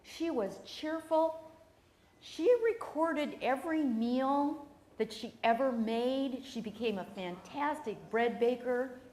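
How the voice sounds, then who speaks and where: A woman, telling a family story on stage with dramatic pauses. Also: high voice, a little mellow, reverberant. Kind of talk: live personal storytelling.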